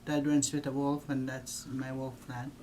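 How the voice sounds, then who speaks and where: An older woman from Northern Manitoba speaks slowly and haltingly, often repeating her words as she introduces herself. Her voice is warm and mellow. A faint hiss of noise sits under the recording. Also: a bass voice, level tone. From Northern Manitoba, Canada. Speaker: church minister and elder. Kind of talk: personal introduction in a video.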